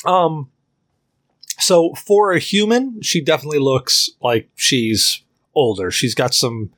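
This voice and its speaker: A man's voice: fairly high pitch, slow, a bit bright. A young man narrating a tabletop game as game master, rambling with lots of fillers and laughter.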